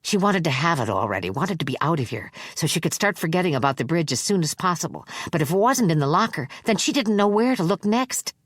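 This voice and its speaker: This is scripted audiobook narration by a woman with a lowish voice, read in a measured, expressive way. The studio-quality sound carries no room tone.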